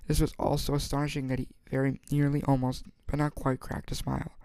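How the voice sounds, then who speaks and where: Halting man reading a novel aloud. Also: mid-range voice, little pitch movement, warm tone, clean tone, no room sound. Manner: halting, frequent stumbles and restarts. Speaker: audiobook reader. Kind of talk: amateur novel read-aloud.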